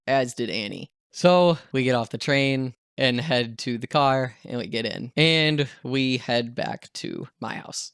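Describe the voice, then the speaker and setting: Young guy, smooth dry voice, animated self-mocking storyteller. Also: mid-range voice, no room sound. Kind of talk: casual storytime.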